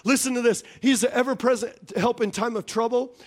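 A man's voice: extremely high pitch, fairly even intonation, fairly quick. A man preaching as a pastor, joking and laughing often, on a wireless stage mic in a church. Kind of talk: sermon.

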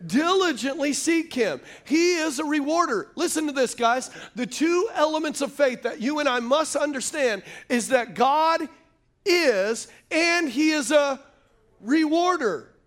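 With an extremely high pitch, lively intonation and a fairly bright tone, a male pastor preaches unhurriedly to a live congregation in a church sanctuary. Between points he adds jokey asides, and he prompts the crowd to call back answers.

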